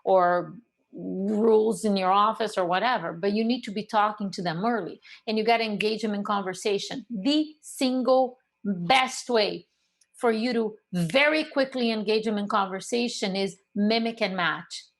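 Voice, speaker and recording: A woman's voice: mid-range voice, normal speed, creaky. A middle-aged woman coaching real estate agents, explaining phone technique and acting out calls along the way. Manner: animated, acts out phone calls. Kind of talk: coaching lesson to camera.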